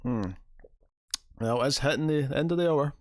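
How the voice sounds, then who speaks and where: A man's voice: a little high, normal speed. A young man hosting a livestream, chatting casually with viewers and reading their comments with wry, self-deprecating humor. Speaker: livestream host.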